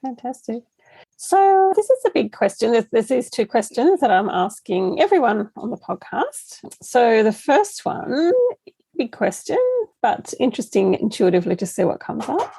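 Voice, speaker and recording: Woman, podcast host, gentle and affirming, husky gravelly voice, dry close sound. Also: a little high, big pitch swings, normal speed, no room sound, poor audio. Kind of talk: interview hosting.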